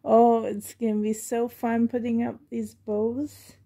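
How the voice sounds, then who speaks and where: A reborn doll collector with a gravelly, husky voice talks slowly through an unboxing vlog, her tone dark, mellow, a little high, and level. As she gushes, she often drops into soft, fond half-whispers.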